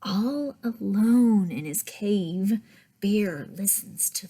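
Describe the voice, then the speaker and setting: A woman who works as a children's librarian, reading picture books aloud in a gentle, expressive manner that often drops to a whisper. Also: mid-range voice, very slow, breathy edge. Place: public library.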